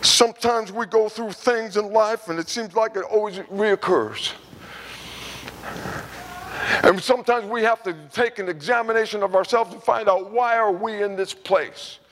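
High pitched pastor guy preaching, fervent and rambly, big echoey church hall. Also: normal speed, few pauses. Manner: fervent preaching, bursts into shouted praise; rambling with restarts and repeats. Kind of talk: sermon.

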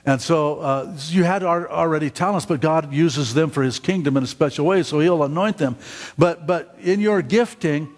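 A middle-aged man preaching a sermon as pastor, halting and repeating words, often asking the congregation questions. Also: a little high, in a large hall. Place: church sanctuary.

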